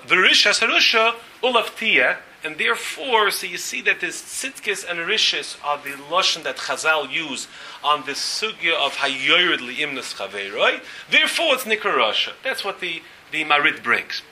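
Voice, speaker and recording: A man's voice: on the high side, bright, forceful tone, slight background noise, rough recording. A man giving a Talmud lecture as rabbi to a class, talking emphatically and firing questions at the room. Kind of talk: Talmud lecture with interjections from students.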